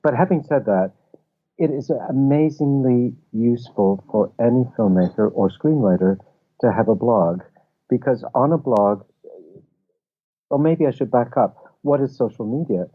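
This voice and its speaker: A man's voice: mid-range voice, moderate pace. A man, a film festival founder, explaining ideas with anecdotes as a guest in a casual interview. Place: office. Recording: tinny phone-like line.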